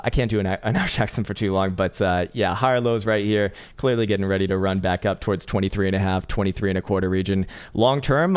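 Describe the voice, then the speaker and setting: A man hosting a casual crypto trading livestream, chatty and profane, reading chat and laughing often. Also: on the low side.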